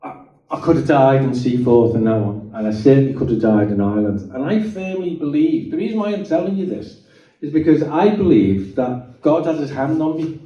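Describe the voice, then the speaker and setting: A middle-aged man tells his testimony in a very dark, mellow voice. He talks to the room in a chatty way and keeps checking that his listeners are with him. His voice comes from a distance across an echoing hall, and the sound is dull. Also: medium pitch, animated, a little fast. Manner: chatty, checks in with the audience, frequent restarts. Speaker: guest speaker giving a testimony. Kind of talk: personal testimony storytelling. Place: meeting hall.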